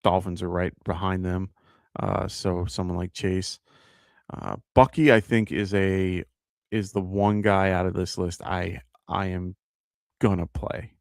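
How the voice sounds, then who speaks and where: A man's voice: low voice, flat delivery, measured pace, gravelly, no room sound, studio quality. A man with a New York accent hosting a live fantasy football show, thinking aloud with lots of fillers and self-corrections. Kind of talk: casual live-stream advice.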